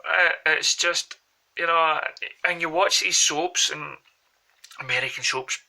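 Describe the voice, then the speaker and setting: Give me a Glaswegian man with a sharp, bright voice, chatting loosely to his viewers. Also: on the high side, slow pace, gravelly, poor audio. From Glasgow, Scotland. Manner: rambling, anecdotal. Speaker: vlogger. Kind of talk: casual chat to camera.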